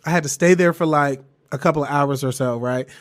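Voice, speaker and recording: A young man, on the higher side for a man's voice, hosting his own podcast. He tells a personal story in casual, profane chat and laughs along the way. When he quotes what he said, his voice leaps up into an excited falsetto. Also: a little fast. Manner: animated, jumps to high falsetto when quoting himself; swears freely, laughs through the story. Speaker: podcast host.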